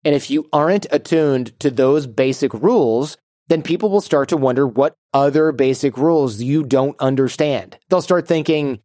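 A man's voice: mid-range voice, moderate pace, mellow, dry recording, studio quality. A young man co-hosting an advice show, telling anecdotes in a blunt, wry way. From United States. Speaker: advice podcast co-host. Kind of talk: casual advice chat with anecdotes.

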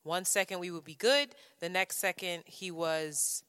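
A woman's voice: on the low side, measured pace, sharp tone, clear, resonant tone, big-room sound. A woman co-hosting a podcast, telling a personal story in a frank, profane way, often stopping and restarting her sentences. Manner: frank, profane, self-interrupting. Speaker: podcast co-host.

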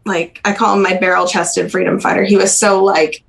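A young woman speaking as a podcast interview guest, recalling personal memories in a halting, soft-spoken way with frequent pauses and restarts. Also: medium pitch, flat delivery, gravelly, rough recording. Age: young adult.

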